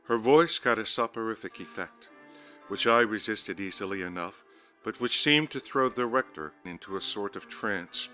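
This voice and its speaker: A man narrating a gothic horror story in a measured, ominous reading style. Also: on the low side, sharp tone. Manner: measured, ominous, lingering on words. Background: faint music.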